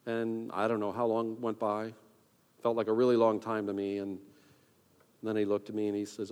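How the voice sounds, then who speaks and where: A man's voice: on the low side, flat delivery, moderate pace, long pauses, clean tone. A man, a pastor, telling a personal story in a sermon, conversational and self-deprecating, acting out his own inner thoughts. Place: church sanctuary. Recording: long reverb of a large hall.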